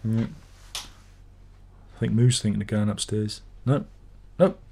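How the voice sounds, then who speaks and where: A man's voice: on the low side, slow pace, creaky, warm tone, a little hiss or hum. A middle-aged man chats loosely on a home live stream and reads viewer comments aloud. He rambles from thought to thought with a sardonic, grumbling edge and mock-exasperated asides. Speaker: livestream host reading viewer comments. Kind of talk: casual live-stream chat.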